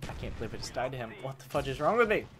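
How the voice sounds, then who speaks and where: A man's voice: medium pitch, sing-song, rapid-fire, background noise. Male gamer, casual commentary, mildly grumbling, slightly worn voice, game gunfire behind. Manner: grumbling, swaps swears for mild words, talks to enemies. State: voice worn from long recording. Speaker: gaming channel host.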